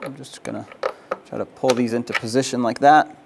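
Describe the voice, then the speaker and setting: A man's voice: mid-range voice, fairly even intonation, brisk, creaky, noisy background. A man narrating a hands-on auto repair tutorial, practical and step-by-step, with casual fillers. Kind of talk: instructional how-to narration.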